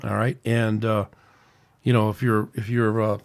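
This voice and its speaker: A man's voice: lowish voice, level tone, a little slow, vocal fry. A man hosting his own podcast, venting angrily in a rambling, off-the-cuff rant with frequent restarts. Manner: angry, ranting, rambling with restarts. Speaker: podcast host.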